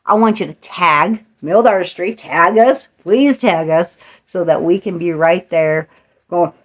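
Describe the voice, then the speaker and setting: Brief: middle-aged woman host, low-pitched, playful pep talk with frequent laughs. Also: lively intonation, measured pace. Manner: playful, laughs often, slips into voices. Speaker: podcast host. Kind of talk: motivational monologue.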